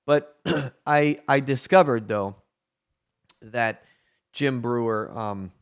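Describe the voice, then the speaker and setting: A man telling a story in casual chat, animated, acting out the people he quotes. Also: medium pitch, very slow, clean tone.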